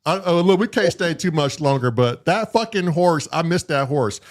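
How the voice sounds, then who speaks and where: A man's voice: a little high, normal speed. A man telling a long story in casual chat as a podcast co-host, swearing freely and acting out his own reactions. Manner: profane, animated storytelling with acted quotes.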